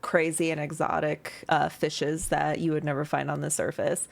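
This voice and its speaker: Bubbly female game master, low-ish voice, casual stream narration. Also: level tone, normal speed, creaky. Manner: bubbly, giggly, many "like"s. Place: home streaming setup.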